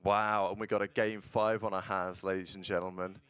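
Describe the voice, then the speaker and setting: A man streaming casual watch-along commentary on esports matches, blunt and swearing, bursting into excited play-by-play. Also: deep voice, fairly quick, smooth.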